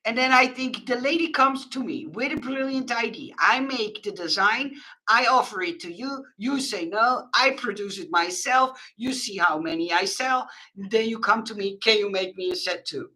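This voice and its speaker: A woman's voice: a little high, animated, moderate pace, sharp tone, rough recording. A middle-aged woman hosting a craft livestream, chatting casually with viewers and laughing often. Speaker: craft livestream host reading viewer chat.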